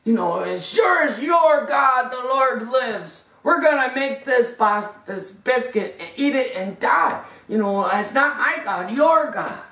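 A woman's voice: a little high, animated, measured pace, vocal fry, hardly any pauses, fairly bright tone, heavily acted. A woman voicing a poor starving widow in despair, pleading and raised, in an echoey room with the mic far off.

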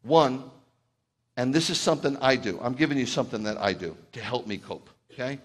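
A middle-aged male rabbi giving a conversational sermon, dropping into quiet asides and then rising to loud, excited outbursts. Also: mid-range voice, a little fast.

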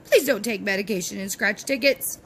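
A woman's voice: mid-range voice, a little fast, fairly bright tone, slight background noise. A woman hosting a scratch-off lottery video from home, chatting cheerfully to her viewers and chanting encouragement as she scratches. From Texas. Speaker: host of a lottery scratch-off channel. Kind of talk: casual chat to viewers while scratching tickets. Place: at home, with dogs nearby.

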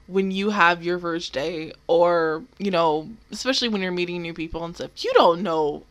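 A young woman giving casual, excitable reaction commentary, swearing freely and laughing often. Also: a little high. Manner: excitable, profane, laughs often, loud exclamations. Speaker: anime reaction video host.

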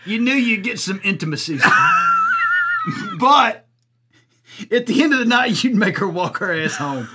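A man's voice: very high-pitched, huge pitch swings, measured pace, long pauses, very noisy, full character voice. A man playing a crude, blunt commentator with a drawl, laughing at his own jokes in an improvised comedy bit. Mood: crude storytelling. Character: crude rural Southern man, blunt, loud-mouthed. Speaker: comic commentator persona.

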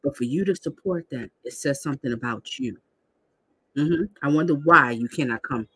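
A woman's voice: very deep voice, moderate pace, pushed and bright, husky, no echo. A woman hosting a live commentary stream, talking straight to her viewers in an indignant, lecturing way and reading out their comments.

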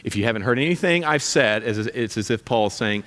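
A man's voice: mid-range voice, expressive, brisk, a bit bright. A man preaching from the pulpit in a mid-range voice, pressing his points with blunt repeated commands. His sermon rings through a reverberant church hall. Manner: emphatic, repeats commands, direct and punchy. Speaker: pastor. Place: church sanctuary.

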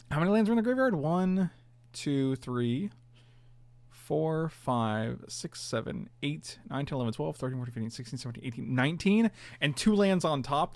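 A man's voice: fairly high pitch, no room sound. A man casually commentating his own online card game, chatty and self-mocking, groaning at his bad draws.

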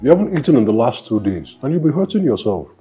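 A man's voice: medium pitch, sing-song, fast, dark tone, breathy edge, soft background music. An actor playing a husband who comforts his grieving wife, speaking in a soothing, pleading and reassuring way. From Nigeria. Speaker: actor in a film. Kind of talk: film drama acting.

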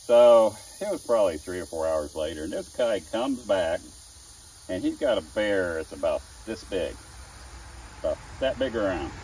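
Folksy middle-aged carver, lowish voice, chuckling storyteller, mic set well back outdoors with faint noise. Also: male voice, darkish tone, far from the mic, rough recording. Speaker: chainsaw woodcarver. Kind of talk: casual storytelling demo.

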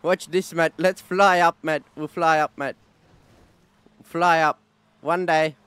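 A man taunting in game roleplay, high and dry. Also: steady tone, takes it slowly, fairly bright tone, smooth, no room sound. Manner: brash taunting, tacks "mate" onto every line. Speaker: streamer playing a roleplay character. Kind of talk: in-character game roleplay trolling.

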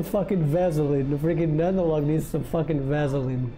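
A man's voice: a little high, fairly quick, few pauses, mellow. A man giving casual, profane commentary while playing a video game and reacting to it. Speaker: gameplay commentator. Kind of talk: casual let's-play commentary. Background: game music.

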